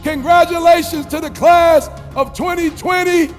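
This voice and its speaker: A man's voice: very high voice, steady tone, a little slow, in a large hall, faint music behind. A man giving a rousing commencement speech, chanting call-and-response lines. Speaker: commencement speaker. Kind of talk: motivational speech.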